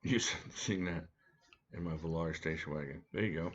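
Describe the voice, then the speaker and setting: A man's voice: rumbling low, normal speed, dull audio. A man hosting a casual live stream from home, chatting and joking with viewers by name. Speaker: live stream host reviewing knives. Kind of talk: casual live chat reading viewer comments. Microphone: desk mic at a home setup.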